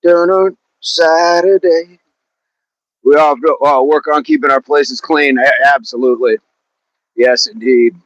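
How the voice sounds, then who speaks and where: A man's voice: mid-range voice, little pitch movement, moderate pace, fairly bright tone, no room sound, muffled recording. A man coaching a fitness live stream outdoors in a park, chatting casually, upbeat, greeting viewers by name and repeating words. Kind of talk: casual live-stream chat while warming up.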